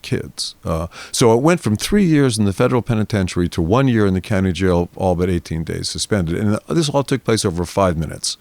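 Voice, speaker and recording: An older man, a guest on a podcast interview, telling a long story in a lively way and acting out the voices of the people in it. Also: low voice, brisk, hardly any pauses, no echo.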